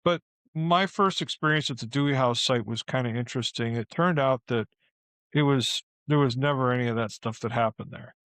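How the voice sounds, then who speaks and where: A man's voice: medium pitch, a little fast, smooth, no room sound. A man who works as a ghost tour guide, telling a story casually and acting out the people in it. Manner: animated, acts out the people in his stories.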